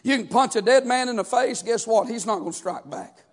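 A pastor delivers a sermon in a very high voice for a man. He preaches in a rhythmic, chanting cadence and punctuates his lines with "amen" and "uh". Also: brisk.

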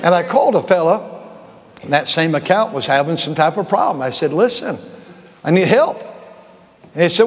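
Older man pastor, high voice, echoing church. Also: expressive, normal speed, long pauses. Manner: rambling and chuckling, with frequent restarts. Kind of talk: informal sermon storytelling. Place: church sanctuary. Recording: long reverb of a large church hall.

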